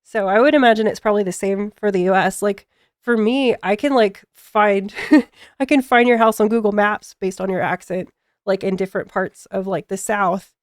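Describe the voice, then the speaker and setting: A woman with a plain general American accent chats on her stream. Her voice is smooth and clean at a middle pitch, recorded dry and close. She halts often, filling gaps with fillers and easy laughs. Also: fairly even intonation, dry recording. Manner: halting, many fillers, frequent laughs. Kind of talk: casual stream chat.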